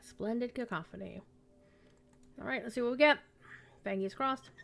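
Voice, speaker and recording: A woman's voice: fairly high pitch, moderate pace, a bit bright. Chatty woman streaming a game. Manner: chatty, wry, throat-clearing. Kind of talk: casual gameplay commentary.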